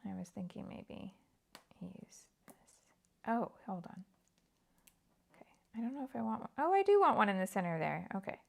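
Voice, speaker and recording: A British woman with a slightly gravelly, fry-touched voice chats through a live crafting session. Her pitch sits in a middle range. She murmurs quiet asides to herself between remarks to viewers. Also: big pitch swings, normal speed, pauses often. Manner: chatty, muttering half-whispered asides to herself while working. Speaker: scrapbooking livestream host. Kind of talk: casual live crafting chat.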